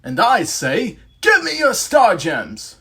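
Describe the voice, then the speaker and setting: A blustering medieval knight monster with a British accent shouts his threats in a very high, strained register. His voice is husky and swoops wildly up and down. It is theatrical villainy in a homemade audio story. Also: huge pitch swings, slow, full character voice. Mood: taunting.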